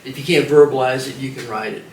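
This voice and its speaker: A veteran in his seventies from Washington, DC, gives an oral history interview, speaking hesitantly and reflectively with many fillers and restarts. His mid-range voice is steady and darkish, and he talks fast. A distant mic gives roomy sound with slight background noise.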